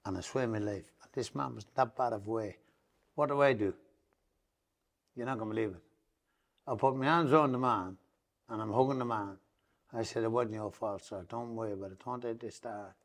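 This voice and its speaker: The speaker, a middle-aged Irish Traveller man on a podcast, rambles through a long, emotional story, pausing often and repeating oaths that it's all true. His voice is lowish and his pace moderate.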